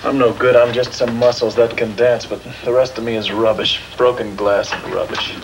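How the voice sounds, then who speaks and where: A man's voice: mid-range voice, fairly even intonation, moderate pace, slight background noise, lightly acted, low-quality recording. An actor playing a tormented, fragile young male dancer in a 1940s film, anguished and pleading. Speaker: ballet dancer.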